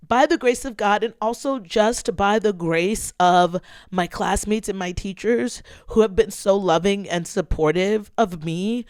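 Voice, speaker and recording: A woman in her thirties hosts a casual podcast and tells her listeners a personal story. She is tearful, yet her voice stays smooth and resonant. She speaks expressively into a dry, close microphone. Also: medium pitch, no echo. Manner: emotional, expressive storytelling, addresses listeners as y'all. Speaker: podcast host. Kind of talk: casual personal vlog talk.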